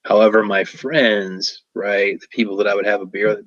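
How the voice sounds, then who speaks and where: A man's voice: fairly low pitch, steady tone, normal speed, a bit bright, no room sound, dull audio. A man chatting casually as a guest illustrator, telling laid-back stories and acting out the quotes. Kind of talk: casual chat.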